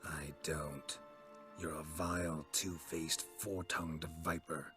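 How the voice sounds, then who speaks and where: A gruff middle-aged monster hunter speaks in short, clipped video game lines. The voice sits extremely low and barely moves in pitch. Game music plays behind him. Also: male voice, slow pace, exaggerated voice. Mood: cold. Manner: terse, flat and curt.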